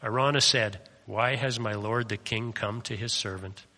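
A man's voice: on the low side, moderate pace, sharp tone, long reverb tail. A man preaching a sermon in a conversational way, often asking rhetorical questions of his listeners.

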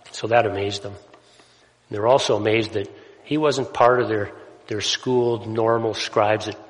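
A man preaching a sermon in a conversational way, often checking in with "right?" asides as he explains scripture. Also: fairly low pitch. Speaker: pastor. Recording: long hall reverb.

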